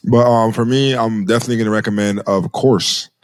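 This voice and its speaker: Low-voiced rambling podcast guy. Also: steady tone, fairly quick, slight background noise. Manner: loose, rambling, says "bro" often. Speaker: podcast co-host. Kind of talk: casual chat.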